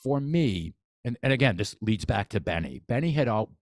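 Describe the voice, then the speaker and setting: A man with a low, deep voice talks shop as a boxing coach on a podcast. He is eager and repeats himself, circling back and restarting sentences. The sound is close and dry, with no room around it. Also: big pitch swings, normal speed, a little mellow, no echo. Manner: enthusiastic, repeats phrases, many restarts. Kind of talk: casual podcast conversation.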